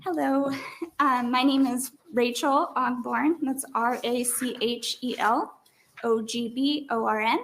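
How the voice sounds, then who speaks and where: A woman's voice: a little high, steady tone, a little slow, fairly bright tone. A mother giving emotional public testimony at a hearing, apologetic and fighting back tears. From Nebraska. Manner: tearful, apologetic, breaking up at times.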